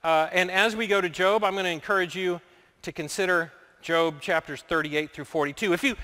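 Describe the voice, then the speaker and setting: A man's voice: high voice, fairly quick, pushed and bright. A man preaching a sermon as pastor, earnest and building his points through repetition. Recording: long reverb of a large hall.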